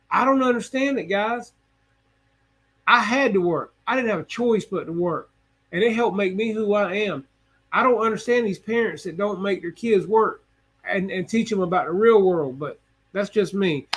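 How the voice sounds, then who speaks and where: A man's voice: high voice, a bit bright. A middle-aged man hosting a live hobby stream, telling a story in a plainspoken, folksy way and turning to his viewers with asides. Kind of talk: casual storytelling chat.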